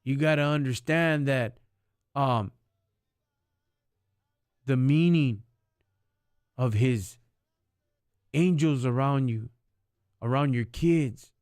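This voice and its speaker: In a clean, dry studio recording, a man with a mid-range, slightly mellow, clean-toned voice takes his time and pauses often. He is on a live stream giving a fervent, preachy talk about faith. He uses street slang and Spanish words and calls his listeners homie and dog.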